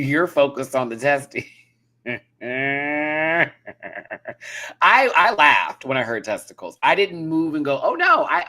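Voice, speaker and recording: A man hosting a live review of a show in casual, animated, giggly chat. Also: mid-range voice.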